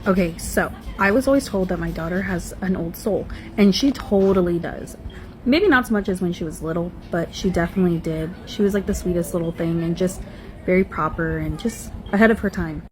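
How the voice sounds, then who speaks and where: A woman's voice: on the low side, fairly quick, a little mellow, a little hiss or hum, low-quality recording. A mother earnestly telling a story about her daughter in a casual way.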